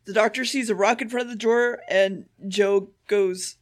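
A podcast co-host casually recapping an episode, swearing often and tossing in quick quoted lines. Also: medium pitch, fairly even intonation. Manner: profane, offhand retelling with quick quoted voices.

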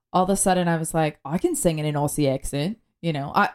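A woman co-hosting a podcast in casual chat, animated and slipping into playful voices when she quotes herself. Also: sits low, fairly quick. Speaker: podcast co-host and professional vocalist.

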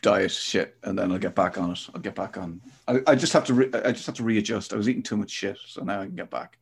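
A man hosting a loose, casual podcast chat, quick to laugh. His voice sits low and gravelly with a husky edge. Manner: chatty, laughs often. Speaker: podcast host.

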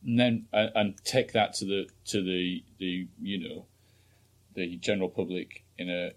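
A man's voice: sits low, fairly even intonation, measured pace. A man co-hosting a podcast, joking and rambling through casual political chat. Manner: jokey, rambling, full of restarts. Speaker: podcast co-host.

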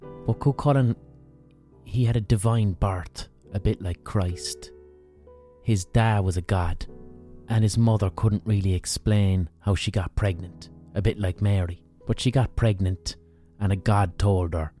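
An Irish man with a deep, mellow voice telling an old legend in a relaxed podcast monologue. He swears freely and leans hard on emphasis. Faint music plays behind him. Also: normal speed. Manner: profane, emphatic, relishes hyperbole. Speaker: podcast storyteller. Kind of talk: casual storytelling monologue.

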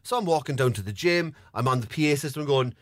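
A young man telling stories in a casual podcast chat, animated, swearing freely and acting out what people said. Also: mid-range voice, fast, dry recording, studio quality. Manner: animated, swearing, bursts into laughter, acts out quotes. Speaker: podcast co-host.

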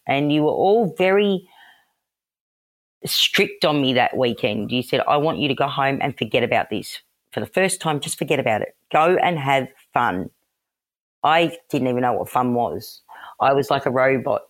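A woman recounts her own story as a podcast guest. She talks with energy and replays quoted exchanges in lively voices. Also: very deep voice. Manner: animated, acts out quoted exchanges, laughs. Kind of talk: personal storytelling.

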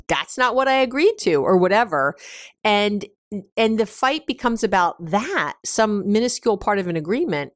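A woman hosting an advice podcast as a couples therapist, talking casually with lots of fillers, restarts and lively emphasis. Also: fairly low pitch, no echo, clean studio sound.

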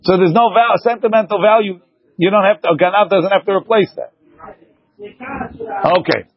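High husky man teaching Talmud. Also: moderate pace, no echo, highs cut off. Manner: animated, argues points back and forth with students. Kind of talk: lively classroom Talmud lesson.

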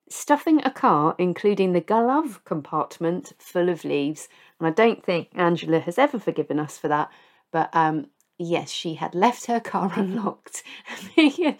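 Self-mocking woman podcaster. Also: fairly low pitch. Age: middle-aged. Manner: self-mocking, laughs at own stories. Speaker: podcast host. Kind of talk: casual confessional monologue.

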